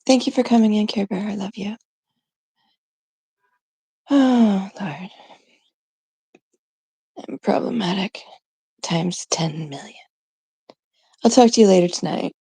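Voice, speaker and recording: A woman from Canada hosts a casual live stream, rambling and giggling as she retells things with mock exasperation. Her voice is heavily gravelly and husky, with a dark, mellow tone. She talks slowly. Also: medium pitch, no echo.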